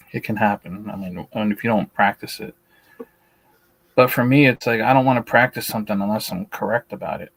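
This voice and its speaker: A man with a lowish, fairly bright voice hosts a casual beekeeping livestream, reading through a list and answering it. He's blunt and opinionated, his voice shaky, and he keeps restarting his sentences. The audio quality is poor.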